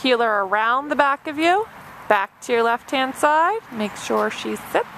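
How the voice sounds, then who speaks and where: A woman's voice: fairly high pitch, lively intonation, a little slow, a bit bright, a little hiss or hum. A woman dog trainer narrating an obedience demonstration step by step, with a patient and encouraging manner. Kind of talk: instructional narration.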